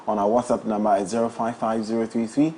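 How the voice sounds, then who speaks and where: A young man hosting a breakfast talk show, playful and quick to laugh, also reading live ads. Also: lowish voice, level tone, warm tone, slight background noise. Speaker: morning show host. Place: studio.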